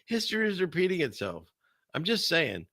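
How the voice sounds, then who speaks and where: A man hosts a casual commentary stream in a gravelly, bright-edged voice, rambling from point to point with sarcasm. His sound is dry and close, with no room around it. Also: fairly high pitch, huge pitch swings, moderate pace, no echo. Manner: rambling, sarcastic, laughs between remarks. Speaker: host of a political commentary stream.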